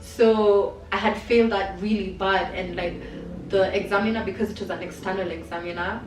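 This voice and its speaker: A woman's voice: mid-range voice, steady tone, moderate pace, darkish tone, distant mic, a little hiss or hum. A young adult woman telling a personal story to camera in a candid, chatty way, with many fillers. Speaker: vlogger. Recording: roomy sound from off-mic, faint music.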